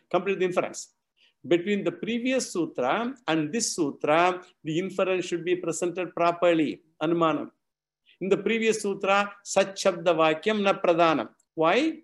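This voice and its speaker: A man giving a lecture on scripture, explaining slowly and repeating key terms. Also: a little high. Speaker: teacher of scripture.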